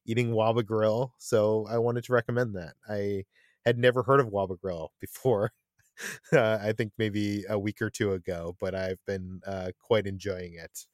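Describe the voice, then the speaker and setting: A man's voice: fairly low pitch, fairly even intonation, moderate pace, dry recording, clean studio sound. Stammering man hosting a casual chat. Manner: stammering restarts, many fillers. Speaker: podcast host.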